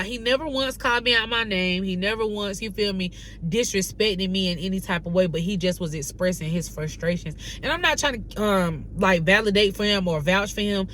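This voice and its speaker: A young woman from North Carolina telling a casual storytime on her vlog, animated and slangy, acting out the dialogue she quotes. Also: mid-range voice, brisk, slight background noise. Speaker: vlogger.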